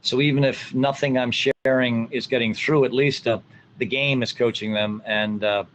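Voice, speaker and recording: A man's voice: mid-range voice, fairly even intonation, normal speed, a little hiss or hum, rough recording. A middle-aged man, a college soccer coach, answering interview questions in a reflective way with many fillers. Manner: reflective, many fillers, acts out what he tells players.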